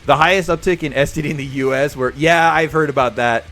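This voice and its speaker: A man's voice: fairly high pitch, quick pace, faint music behind. A young man hosting a live stream, telling a story in casual chat with viewers and acting out the voices in it. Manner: animated, acts out voices in his stories. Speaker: livestream host.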